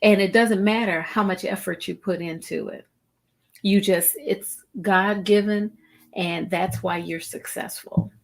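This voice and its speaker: A middle-aged woman hosting a live-streamed wellbeing talk show, speaking deliberately and repeating phrases for emphasis to her viewers. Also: medium pitch, fairly even intonation, vocal fry. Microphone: streaming setup, video call style.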